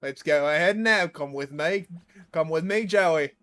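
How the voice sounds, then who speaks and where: A boisterous, rambling Australian bushman, as a gamer puts him on, pitched well above the man's own voice. His put-on Australian accent bounces along with jokey energy. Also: a little slow, bright, forceful tone. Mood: adventurous.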